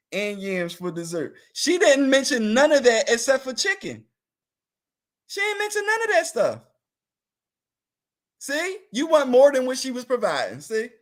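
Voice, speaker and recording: Guy with a high voice joking around on a talk show, teasing, laughs a lot. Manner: playful, teasing, laughs often. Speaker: talk show guest answering live comments. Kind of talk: casual comedic chat.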